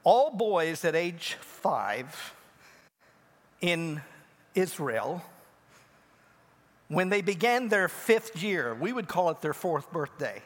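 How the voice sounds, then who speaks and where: A man preaching a sermon as pastor, telling a Bible story and acting out the speakers with big swings in pitch. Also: very animated, takes it slowly, long pauses, fairly bright tone. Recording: long hall reverb.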